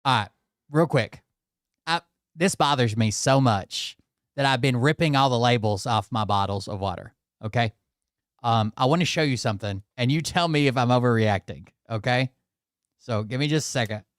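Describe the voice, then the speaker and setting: A man's voice: medium pitch, normal speed, no room sound, clean studio sound. A male channel host ranting casually to his viewers, exasperated and swearing often as he talks straight to them. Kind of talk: casual profane rant to viewers.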